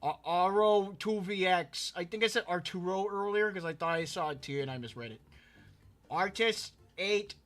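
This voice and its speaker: A man's voice: sits high, normal speed, fairly bright tone. A man hosting a casual drawing live stream, rambling and repeating words as he reads chat aloud. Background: faint background music.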